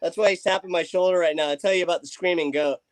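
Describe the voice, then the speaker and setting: Man, casual livestream chat, rambling with fillers, fairly high voice, dry close sound. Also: fairly even intonation, fast, dry recording, poor audio. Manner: chatty, rambling with many fillers. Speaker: livestream guest.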